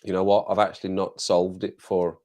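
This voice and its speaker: A man's voice: deep voice, level tone, brisk, darkish tone, slight background noise. An English man hosting a casual live stream, chatting to viewers in a rambling way, repeating phrases and laughing often.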